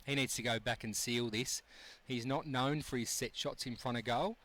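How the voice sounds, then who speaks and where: A man's voice: medium pitch, fairly even intonation, normal speed, bright, forceful tone. A man with an Australian accent co-commentating a local football match on radio, teasing his partner. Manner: jokey, teasing banter.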